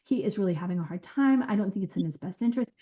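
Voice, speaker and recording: A woman who was a caseworker, telling her experiences in an interview in an earnest, animated way with quoted dialogue. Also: medium pitch, very fast. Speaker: former caseworker. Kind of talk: recounting stories in an interview. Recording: dull lo-fi sound.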